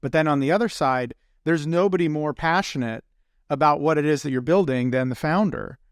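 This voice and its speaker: A man's voice: a little high, a little fast, clean tone, no echo. Casual male podcast host, dry sound. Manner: casual, thinking aloud with fillers. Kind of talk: podcast interview.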